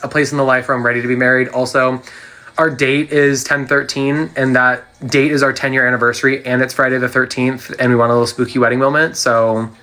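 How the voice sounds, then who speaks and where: Pushed and bright at a medium pitch, a young man's voice comes through as he runs a casual live Q&A on his phone. He's sitting on the floor at home, answering fans in a talkative, sassy way full of quick retorts.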